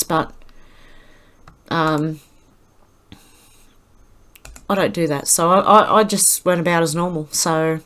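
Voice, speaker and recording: A woman with an Australian accent, hosting her channel and reading out posts in casual, rambling commentary full of fillers and restarts. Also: on the low side. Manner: rambling, halting, with many fillers.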